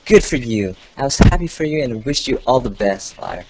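A man's voice: mid-range voice, animated, normal speed, very noisy. A male podcast host reading out listener email in casual chat, interrupting himself with asides, often sounding sarcastic without meaning to.

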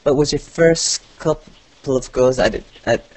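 A man's voice: mid-range voice, unhurried, darkish tone, no echo, low-quality recording. A male podcast host reading out listener email in casual chat, interrupting himself with asides, often sounding sarcastic without meaning to.

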